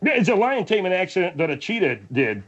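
A man playing a husky, muddled, contrary male studio sidekick who argues in circles. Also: sits high, sing-song, fast, fairly bright tone, muffled recording, voice pushed up, heavily acted.

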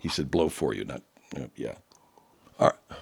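Male host, low and lively voice, loose laid-back chatter, swears freely. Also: normal speed, vocal fry, breathy edge. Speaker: show host playing listener submissions. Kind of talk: casual chat.

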